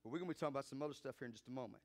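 A man preaching a sermon as pastor, fervent and calling for responses from the congregation, rising to loud emphatic peaks. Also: mid-range voice, very fast.

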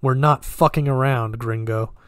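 A man voicing a hard, threatening female interrogator who speaks in a clipped, very clear way. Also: medium pitch, steady tone, normal speed, dry recording, clean studio sound, natural voice.

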